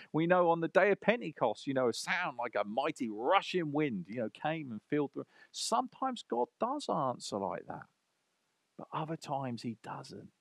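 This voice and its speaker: A man preaching a sermon and reading scripture aloud, swinging from loud emphasis down to a hushed, near-whispered delivery. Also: mid-range voice, animated, moderate pace, no echo.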